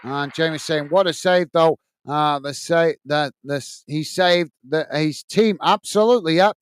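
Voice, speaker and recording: A man's voice: on the high side, unhurried, clear, resonant tone, no echo. A man hosting a football watch-along live stream, reading out viewer comments and giving friendly, repetitive sign-offs with many fillers. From England.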